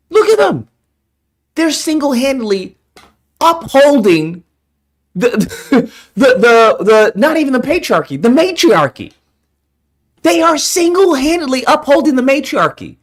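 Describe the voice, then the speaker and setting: Exasperated man ranting, pitch all over. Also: very animated, a little slow, pauses often. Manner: heated, exasperated, profane. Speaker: online commentator. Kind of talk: ranting commentary.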